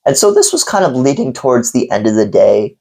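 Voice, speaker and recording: A man's voice: mid-range voice, big pitch swings, fairly quick, vocal fry, a little mellow, poor audio. A man telling a story on a coffee vlog, candid and rambling, swearing freely. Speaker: coffee reviewer vlogger.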